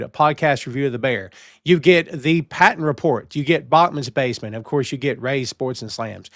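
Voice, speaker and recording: A man's voice: on the high side, no echo, clean studio sound. A man hosting a live-streamed wrestling podcast, talking in a playful, theatrical way and greeting chat viewers. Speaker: podcast host.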